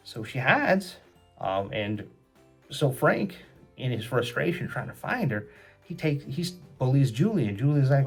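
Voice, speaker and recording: A man's voice: medium pitch, big pitch swings, a little slow, slightly rough. Brief: man telling a children's story, chatty and moralizing, faint music behind. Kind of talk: kids' story retelling.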